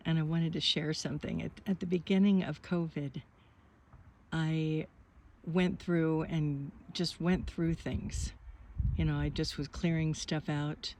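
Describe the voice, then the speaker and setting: A woman in her fifties, talking outdoors on a mountaintop in a soft, musing, rambling way as a vlogger. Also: sits low, steady tone, unhurried, a little hiss or hum. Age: 50s. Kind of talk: reflective vlog monologue.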